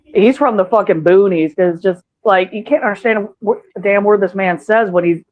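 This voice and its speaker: A woman's voice: mid-range voice, moderate pace. Tinny-sounding swearing woman, laughing often. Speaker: podcast co-host. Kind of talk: casual chat. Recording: tinny phone-like line.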